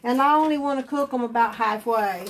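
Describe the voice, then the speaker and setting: A woman's voice: a little high, brisk, recorded from a distance, a little hiss or hum. A woman with an Appalachian accent, hosting a home cooking show, chatting casually and rambling while she cooks in her kitchen.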